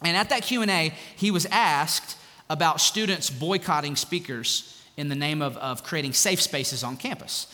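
A man preaching a sermon as pastor, animated and conversational, with jokes and asides. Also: on the high side, normal speed, in a large hall.

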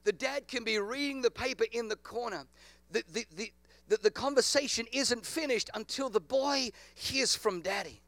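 A man's voice: very high-pitched, moderate pace, a bit bright, dry recording. A man preaching a sermon to a congregation, calling out for responses from the crowd. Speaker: pastor.

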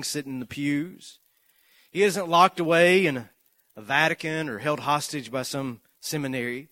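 A man preaching a sermon, moving from slow, measured lists to loud, rising repetition as he tells a story. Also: on the high side, no echo, studio quality.

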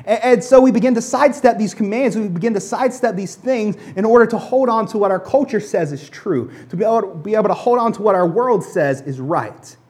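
A pastor delivering a sermon in a relaxed, conversational way, with a voice that sits in a middle pitch. The speech often stumbles into restarts and doubled words. Now and then the pastor slips into mock voices to act out the excuses people make. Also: fairly quick, few pauses.

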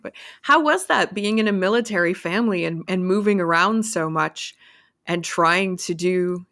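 A woman's voice: lowish voice, gravelly, fairly bright tone. A woman hosting an interview, asking questions conversationally and laughing along with her guest. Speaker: interview host. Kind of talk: casual interview chat.

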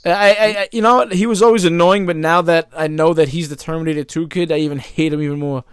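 A man in casual chat, reacting quickly, joking and swearing. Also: fairly high pitch, steady tone, smooth, no room sound, clean studio sound.

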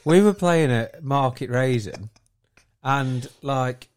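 A man chiming in on a casual podcast with a loose, filler-packed account. He talks at an ordinary male pitch. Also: expressive, slow pace, a little mellow, clean tone. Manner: loose, filler-heavy storytelling. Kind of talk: casual chat.

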